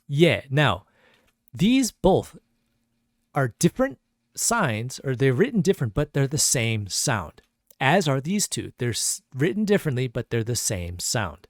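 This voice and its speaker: A man's voice: medium pitch, no room sound, clean studio sound. A man teaching a pronunciation lesson, patiently repeating each sound several times. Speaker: language teacher.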